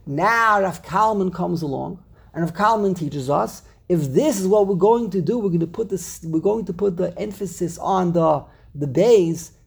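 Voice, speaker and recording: A man's voice: high voice, moderate pace, gravelly, slightly rough. A man teaching a classroom lesson on Hebrew grammar, explaining step by step and repeating words as he thinks. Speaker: Torah teacher.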